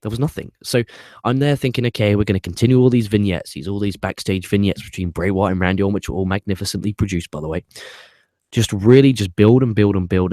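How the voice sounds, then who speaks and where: Low-voiced ranting male reviewer. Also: darkish tone, no echo. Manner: opinionated, ranting, swears freely; rambling with tangents and restarts. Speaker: wrestling show reviewer, host. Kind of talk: casual spoken review.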